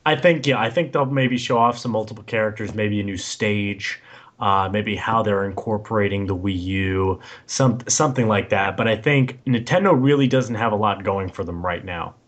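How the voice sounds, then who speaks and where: A young man with a lowish voice chatting casually on a podcast. He is blunt and swears a lot, and laughs between remarks. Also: moderate pace. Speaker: podcast co-host. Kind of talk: casual chat.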